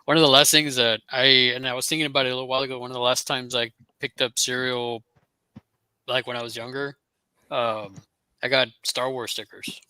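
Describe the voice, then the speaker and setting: A man's voice: medium pitch, level tone, a little fast, bright, forceful tone, clean tone, dry recording. A man guest in a casual chat who talks hesitantly, with lots of fillers and restarts.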